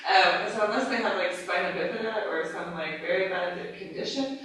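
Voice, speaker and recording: A woman's voice: lowish voice, normal speed. A woman training yoga teachers, talking casually and acting out her cues, with frequent laughs. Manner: casual, lively, acts out cues, laughs often. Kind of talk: live teacher-training class talk. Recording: echoey room, mic far off.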